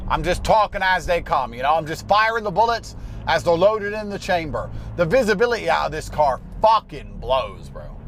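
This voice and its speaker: A man's voice: fairly high pitch, a bit bright, slight background noise. A man ranting bluntly and profanely as he hosts a car review from inside a car while driving. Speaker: host.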